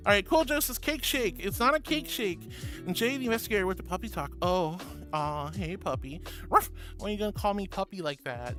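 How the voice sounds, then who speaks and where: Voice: medium pitch, fairly bright tone. A VTuber streamer casually reading viewer messages aloud, playful and giggly, calling people sweetie and honey. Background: music playing.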